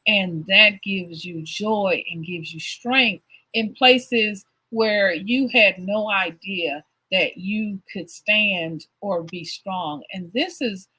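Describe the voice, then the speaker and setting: A woman's voice: mid-range voice, slow pace, bright, forceful tone, breathy edge, poor audio. A woman hosting an interview, chatting casually and affirming her guest, laughing often as she talks. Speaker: host.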